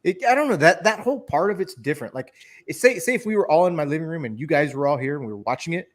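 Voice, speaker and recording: Laid-back man with a fairly high voice. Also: expressive, fast. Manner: laid-back, swears casually, stumbles and repeats. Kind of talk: casual live-stream chat.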